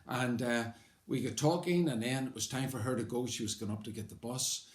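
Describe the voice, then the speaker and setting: A man's voice: medium pitch, fairly quick. An older man with a Belfast accent, telling his own life story in a conversational, wry way, rambling a little with fillers. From Belfast, Northern Ireland. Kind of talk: personal life story told aloud. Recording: roomy echo.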